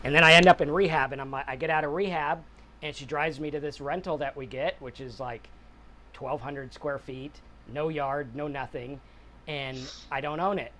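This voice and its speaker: A man's voice: a little high, fairly even intonation, moderate pace, bright, forceful tone, a little hiss or hum. A man in his forties, host of a sobriety channel, talking in an earnest, rambling monologue and often checking in with a "right?". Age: 40s. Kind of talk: casual reflective monologue.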